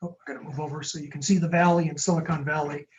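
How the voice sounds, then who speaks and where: A man, a startup lawyer, giving a quick, jokey webinar talk and answering audience questions over a video call. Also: a little high, flat delivery, muffled recording, slight background noise. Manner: fast-talking, jokey and upbeat.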